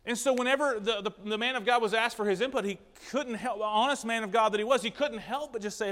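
A man's voice: high voice, lively intonation, quick pace, fairly bright tone, in a large hall. A man preaching an interactive sermon in a church, asking the congregation questions in an earnest manner. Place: church sanctuary.

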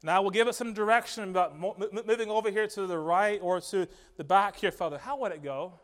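Male preacher, high voice, coaxing sermon delivery, long hall reverb. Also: brisk. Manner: earnest, coaxing, frequent "okay?" and "right?". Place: church platform.

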